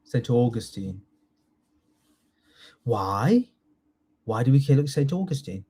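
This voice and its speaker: A man's voice: mid-range voice, sing-song, takes it slowly, warm tone, slightly rough. Casting note: man in his thirties, chatty online quiz tutor who jokes and reads out answer options. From United Kingdom. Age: 30s. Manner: chatty, jokey, reads out multiple-choice options and praises students by name. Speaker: citizenship test tutor. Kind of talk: live online quiz lesson.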